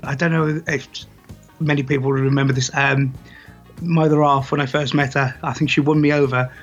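A man chatting casually as a podcast guest, animated and laughing often, with a husky voice. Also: fairly high pitch, fairly quick, soft background music. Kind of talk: casual chat. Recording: dull lo-fi sound.

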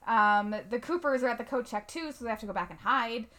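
High bright-voiced woman recapping a film. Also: fairly quick. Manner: chatty, many "um"s, laughs often. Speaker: podcast co-host. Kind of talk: casual movie recap.

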